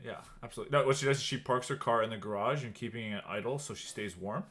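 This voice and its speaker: A man's voice: mid-range voice, fast talker, fairly bright tone. Man, podcast co-host, joking, casual chat, swears.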